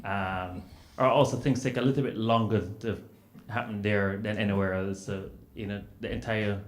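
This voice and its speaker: A man from Jamaica with a Jamaican accent, telling anecdotes as a panelist, animated and full of "you know" fillers. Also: fairly low pitch, normal speed. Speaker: panelist author. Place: event hall at a book festival panel. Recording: roomy hall sound with faint noise.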